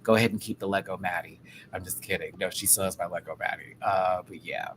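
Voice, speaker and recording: A man's voice: low voice, fairly even intonation, fast, fairly bright tone, a little hiss or hum, rough recording. A man hosting a casual pop-culture chat show, talking in a sassy, rambling, profane way. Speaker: podcast host.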